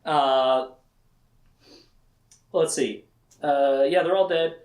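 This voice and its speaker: A man casually recapping a book's plot in a lecture, laughing often and acting out the characters' lines in quick asides. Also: on the high side, a little mellow, reverberant. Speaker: book discussion host.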